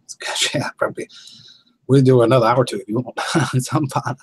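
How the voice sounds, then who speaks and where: A man's voice: medium pitch, fairly even intonation, brisk, slight background noise, poor audio. A man hosting a casual livestream, chuckling and telling laid-back stories to viewers. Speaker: livestream host.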